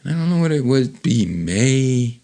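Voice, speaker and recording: A man's voice: a little high, fast, creaky, dark tone. A man hosting a casual read-aloud, describing comic panels in a rambling, chuckling way with many fillers. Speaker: host reading comics aloud.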